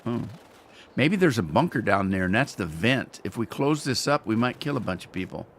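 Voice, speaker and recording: A man's voice: fairly low pitch, big pitch swings, moderate pace, fairly bright tone, a little hiss or hum. A man rambling and joking his way through casual commentary while he plays a farming game. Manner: joking, rambling, self-mocking. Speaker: game streamer.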